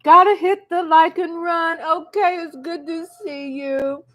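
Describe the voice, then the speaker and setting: A woman hosts a relaxed live chat. Her voice sits high and she takes her time, greeting viewers by name and laughing often. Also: slow pace, rough recording. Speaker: livestream host. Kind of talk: casual live-chat commentary.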